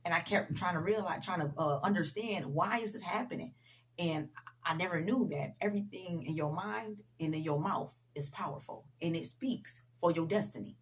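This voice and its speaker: Woman with a lowish voice doing a chatty motivational vlog, talks straight to her viewers, lots of "you know". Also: moderate pace. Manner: conversational, addresses viewers directly, frequent "you know"; repeats key sayings for emphasis. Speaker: motivational vlogger. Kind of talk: casual motivational talk.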